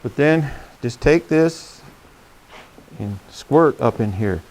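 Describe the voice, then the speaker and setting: Gravelly folksy man teaching horse care. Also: mid-range voice, lively intonation, slow pace, a little mellow, slight background noise. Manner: folksy, plain-spoken, checks in with "okay?". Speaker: horsemanship instructor. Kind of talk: hands-on demonstration. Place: outdoors beside a horse.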